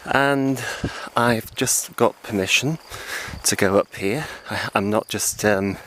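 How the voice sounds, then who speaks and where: Male travel vlogger on a hillside, slow and excitable, with outdoor insect noise. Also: on the low side. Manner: excited, exclaiming often. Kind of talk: walking vlog. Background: insects and crickets.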